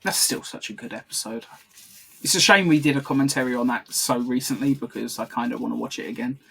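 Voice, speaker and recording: A man's voice: medium pitch, fast, vocal fry, fairly bright tone, breathy edge. A man co-hosting a casual episode commentary podcast, chatty and rambling, laughing often as he talks. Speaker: podcast co-host.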